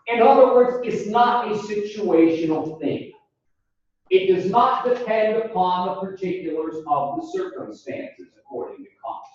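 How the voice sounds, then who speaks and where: Slow, lively-pitched male lecturer in an echoey room. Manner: deliberate, addresses the class as folks, asks them questions. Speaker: philosophy instructor. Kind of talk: in-class lecture. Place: classroom. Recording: echoey classroom recorded from far off, dull lo-fi sound.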